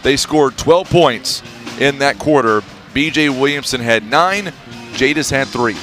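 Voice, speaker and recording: A male radio basketball announcer reading off halftime stats in a brisk, teasing way. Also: medium pitch, a bit bright, faint music behind. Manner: brisk, reels off numbers, teasing. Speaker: play-by-play announcer.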